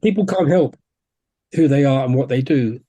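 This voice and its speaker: A man, a homeopath guest on a podcast, telling stories in a relaxed, anecdotal way and acting out quotes. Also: medium pitch, normal speed. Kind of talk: conversational storytelling.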